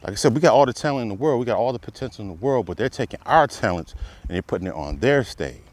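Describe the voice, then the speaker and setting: The commentator talks fast in a lowish voice with lively intonation. Delivering a fervent monologue, he preaches via repeated rhetorical questions that mount to emphatic peaks.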